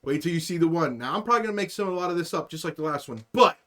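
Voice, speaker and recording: A man's voice: on the high side, animated, very fast, fairly bright tone. A young man co-hosting a podcast, recounting a show in rambling, playful casual chat. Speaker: podcast co-host.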